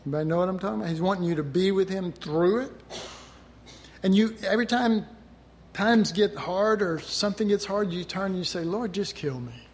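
Middle-aged male preacher, slightly high voice, chatty sermon delivery, faint room hum. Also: brisk. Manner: conversational preaching, acting out quoted voices.

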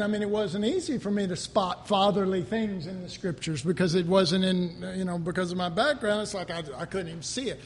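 A man preaching an informal sermon, chatting and joking between readings and rising to animated emphasis. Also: high-pitched, normal speed, hardly any pauses, in a large hall, a little hiss or hum.

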